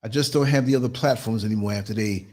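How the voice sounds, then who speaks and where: Husky-voiced man on a blunt solo podcast. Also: fairly low pitch, quick pace, a little mellow. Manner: blunt, preachy, acts out quoted voices. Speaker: podcast host.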